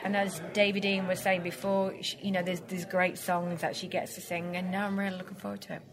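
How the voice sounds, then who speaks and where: Chatty northern English actress. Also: female voice, on the low side, brisk, a crowd in the background. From northern England. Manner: chatty, laughing, animated. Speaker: musical theatre actress. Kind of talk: casual interview chat.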